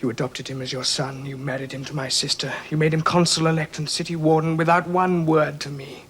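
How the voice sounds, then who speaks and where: A man's voice: a little high, level tone, fairly quick, a bit bright, slight background noise, close to an everyday voice. An actor playing a resentful young prince who confronts his father in a 1970s television period drama, bitter and pleading. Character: young male prince, resentful, wounded son. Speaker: emperor's son.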